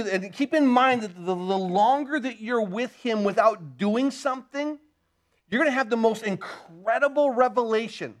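A man preaching an earnest sermon, repeating words and swinging between intense and hushed delivery. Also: sits high. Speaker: pastor.

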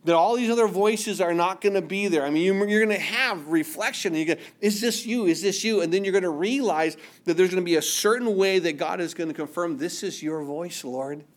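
Dramatic preacher, man, higher voice. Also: fairly quick, hardly any pauses. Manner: dramatic, drops to near-whisper for quiet passages; acts out biblical voices, asks listeners "do you understand?". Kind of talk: sermon.

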